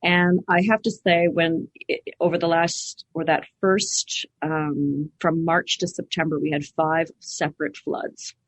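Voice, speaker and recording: A woman's voice: deep voice, little pitch movement, a little slow, few pauses, no echo. A middle-aged woman from Canada, a guest on a podcast, animatedly telling stories and acting out the voices she quotes. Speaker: podcast guest, clinic owner. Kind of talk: casual interview storytelling.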